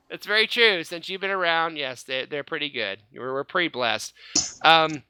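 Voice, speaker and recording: A man's voice: a little high, bright, forceful tone, clean tone, dry recording. A man hosting a casual fan-show podcast, upbeat, laughing often and stumbling over repeated words. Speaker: podcast host.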